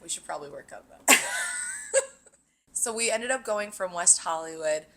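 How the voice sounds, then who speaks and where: A woman co-hosting a casual chat, telling a party story with lots of laughs and animated asides. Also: lowish voice, moderate pace. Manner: animated, laughs often, slips into quoted voices. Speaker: podcast co-host.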